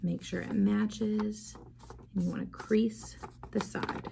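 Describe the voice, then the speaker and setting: A young woman music teacher giving a video lesson to young children, slow and encouraging, prompting them to repeat after her. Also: mid-range voice, steady tone, vocal fry, dark tone, slight background noise.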